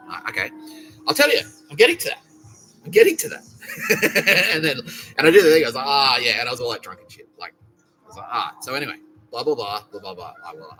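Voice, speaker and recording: A man's voice: on the low side, sharp tone, rough recording. Rambling, profane Australian man. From South Australia. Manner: profane, rambling, laughing asides. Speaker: podcast host. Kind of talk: rambling comic monologue.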